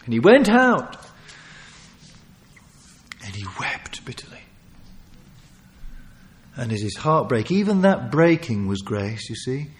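A man preaching a sermon, earnest and pleading, swinging from loud emphasis to hushed, near-whispered passages. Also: mid-range voice, sing-song, normal speed, hardly any pauses, slight background noise.

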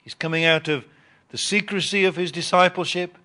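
A man preaching a Bible teaching sermon, reading scripture and explaining it with emphatic rises and pauses. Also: fairly high pitch, bright, forceful tone. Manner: reads scripture aloud and repeats words.

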